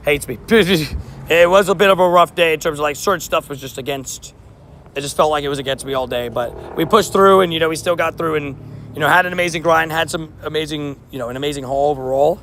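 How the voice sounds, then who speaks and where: Slightly hoarse, chatty young male streamer. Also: fairly high pitch, fairly quick, a bit bright, a little hiss or hum. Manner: chatty, joking, self-mocking banter. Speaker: mobile game streamer. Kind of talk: casual livestream commentary while playing.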